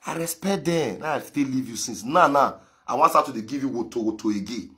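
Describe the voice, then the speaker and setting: Nigerian pidgin guy ranting live, bright sharp voice, mocking and laughing. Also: medium pitch, fast. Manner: mocking, laughing, shouting bursts. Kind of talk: animated rant in pidgin.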